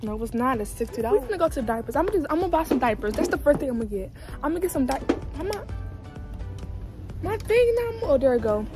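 A woman's voice: sits high, very animated, fast, music in the background. A young woman, vlogging casually in a big store, giggly and nervous as she talks to her viewers. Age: young adult. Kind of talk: casual vlog chat.

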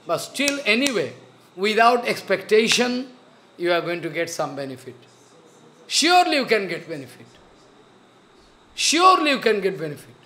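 High-voiced man preaching. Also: pushed and bright. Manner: repeats phrases and restarts, slow and earnest. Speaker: spiritual teacher. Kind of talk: sermon.

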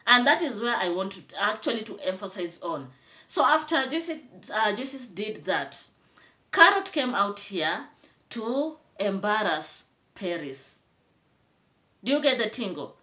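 A woman's voice: medium pitch, big pitch swings, measured pace, sharp tone. A young Kenyan woman with a Kenyan accent, giving chatty commentary in a vlog that grows into indignant scolding. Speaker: vlogger.

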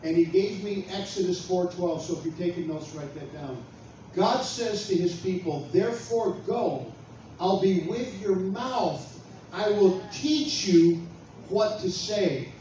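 A man preaching and telling stories, building to loud, emphatic declarations. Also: sits high, muffled recording. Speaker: pastor. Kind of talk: preaching testimony. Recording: echoey room, far from mic, faint noise.

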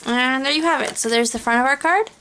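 A woman narrating her card-making tutorial in a relaxed, chatty way, thinking aloud as she works. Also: high voice, fast talker, soft background music. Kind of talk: casual crafting tutorial voice-over.

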